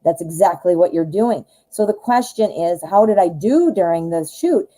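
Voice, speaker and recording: Woman doing live tarot readings, mellow warm tone, chatty and excited. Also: on the low side, moderate pace, rough recording. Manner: chatty and enthusiastic, talks straight to the viewer. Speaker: tarot reader hosting a live show.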